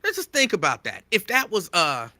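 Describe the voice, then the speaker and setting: Animated, very bright-voiced male talk host. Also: high-pitched, normal speed, no echo. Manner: animated, emphatic, repeats his points, addresses listeners as y'all. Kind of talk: solo opinion talk to listeners.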